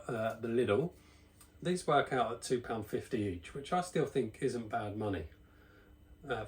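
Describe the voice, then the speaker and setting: Casting: man from the UK, mid-pitched everyday voice, rambling casual beer-review host, a little breathless. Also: darkish tone. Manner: chatty, rambling, self-deprecating asides. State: slightly out of breath.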